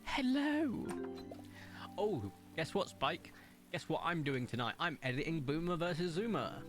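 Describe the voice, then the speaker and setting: A man chatting casually to viewers while streaming, excitable and rambling, with sudden jumps up in pitch. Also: normal speed, music in the background. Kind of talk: casual live-stream chat.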